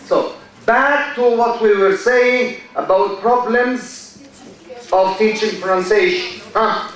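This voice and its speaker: A man giving a university lecture in a large hall, speaking slowly, repeating key phrases and quizzing his students. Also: sits high, a bit bright. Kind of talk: classroom lecture. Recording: echoey hall from far off.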